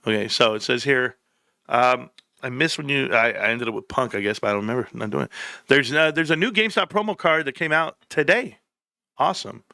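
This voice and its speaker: Gravelly, bright-toned male streamer. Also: medium pitch, expressive, a little fast, dry recording, clean studio sound. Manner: loose, profane, joking banter. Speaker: live stream host. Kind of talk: casual live stream chat, reading viewer comments.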